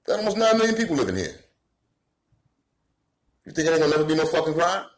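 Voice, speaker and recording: A man's voice: fairly high pitch, sing-song, quick pace, echoey room, low-quality recording. Profane ranting Bronx man. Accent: New York, Bronx. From New York City, the Bronx. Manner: swearing, heated, rising to shouts. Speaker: commentator. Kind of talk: profane rant to camera.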